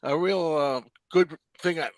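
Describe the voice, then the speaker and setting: A man's voice: on the high side, unhurried, no room sound. A man co-hosting a casual music chat, joking and punning and laughing a lot. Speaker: podcast co-host.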